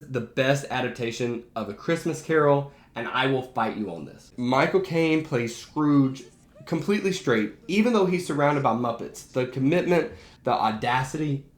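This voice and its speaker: A man's voice: medium pitch, animated, normal speed. A man who works as a teacher, ranking favorite movies in a casual, enthusiastic and emphatic way. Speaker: teacher and behavior analyst. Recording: roomy echo.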